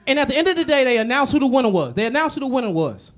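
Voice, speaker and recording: A man with a fairly high voice performs stand-up comedy. He tells profane, animated stories full of repetitions and drops into low, muttered asides before loud punchlines. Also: racing.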